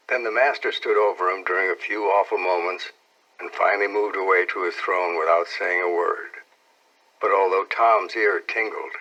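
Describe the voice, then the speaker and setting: Husky, bright-toned older male narrator. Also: deep voice, poor audio. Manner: expressive, measured storytelling. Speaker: audiobook narrator. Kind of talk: scripted narration.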